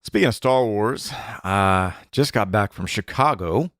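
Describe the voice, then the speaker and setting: A man's voice: lowish voice, unhurried, a bit bright, no room sound. A man in his thirties co-hosting a casual podcast from a home studio, joking around and rambling with fillers. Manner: playful, jokey, rambling with fillers. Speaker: podcast co-host. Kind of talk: casual chat.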